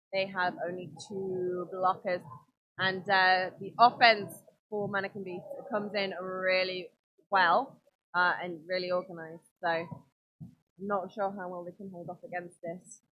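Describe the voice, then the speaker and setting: A woman's voice: mid-range voice, lo-fi sound. A woman with a Geordie accent from Newcastle, giving chatty, playful roller derby commentary. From Newcastle, England. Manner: chatty and playful, laughs often. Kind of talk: live sports commentary.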